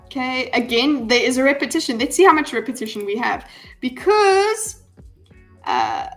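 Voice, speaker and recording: A woman's voice: sits high, fast talker, fairly bright tone. A woman chatting to her viewers on a live stream. She rambles and fills her speech with ums and restarts. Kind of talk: casual live-stream commentary. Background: faint background music.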